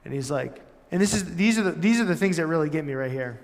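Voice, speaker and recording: High-voiced guy preaching casually, lots of like and right, big echoey church hall. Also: fast talker, hardly any pauses. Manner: animated, storytelling, lots of "like" and "right?". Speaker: pastor. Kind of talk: casual conversational sermon. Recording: long church-hall reverb.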